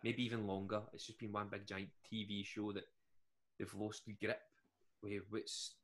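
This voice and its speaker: A man's voice: on the low side, flat delivery, moderate pace. A young Scottish man co-hosting a podcast in laid-back casual chat, often saying "mate" and "man". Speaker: podcast co-host.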